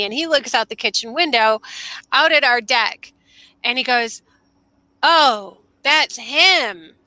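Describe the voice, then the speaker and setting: A woman co-hosting a casual podcast chat, telling a story in a lively way and acting out the voices she quotes, talking on a video call from outdoors. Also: a little high, no echo. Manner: animated, acts out quoted voices. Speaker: podcast co-host. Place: outdoors under an umbrella.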